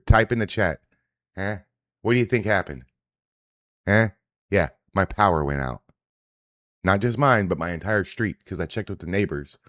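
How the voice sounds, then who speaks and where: A man's voice: deep voice, no echo, studio quality. A man hosting a daily reaction livestream, ranting in a profane, combative, casual way. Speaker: host. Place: indoors, home setup.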